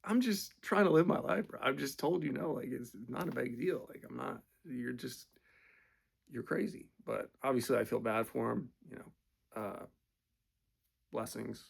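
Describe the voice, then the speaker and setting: A man's voice: mid-range voice, a little slow, vocal fry, husky. A man telling casual, profane, rambling stories, full of fillers. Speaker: storyteller. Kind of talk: casual storytelling.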